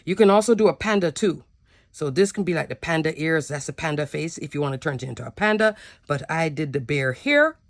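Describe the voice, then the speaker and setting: A woman's voice: lowish voice, no room sound. A woman giving a casual, upbeat card-making product demo, chatty and often saying "like".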